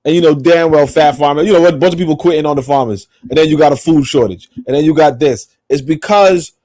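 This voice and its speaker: A man's voice: fairly high pitch, fast talker, darkish tone. A man co-hosting a podcast, talking in a rambling, emphatic, profane way. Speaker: podcast co-host. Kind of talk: casual opinionated chat.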